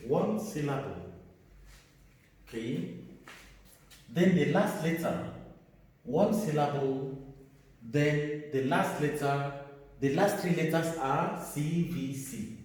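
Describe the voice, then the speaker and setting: A man teaches grammar in a slow, deliberate way, repeating key words and spelling out letters. His voice is mellow and sits a little high for a man. He sounds far from the mic, in a room with a long echo. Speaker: English teacher. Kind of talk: classroom grammar lesson.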